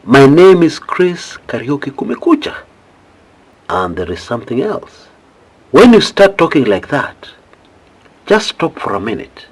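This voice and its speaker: A man's voice: mid-range voice, husky. A man with a Kenyan accent giving impassioned political commentary, pleading with his listeners and firing off rhetorical questions.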